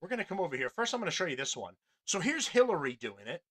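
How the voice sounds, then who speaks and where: A man's voice: on the high side, very animated, quick pace, fairly bright tone, slightly rough. A male podcast host in an angry, profane and rambling political rant.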